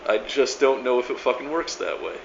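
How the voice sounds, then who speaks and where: A man's voice: medium pitch, animated, a little fast, vocal fry, noisy background. A middle-aged man giving a rambling video reply, stammering, repeating words and swearing with emphatic force. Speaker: vlogger replying to another creator. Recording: echoey room, dull lo-fi sound.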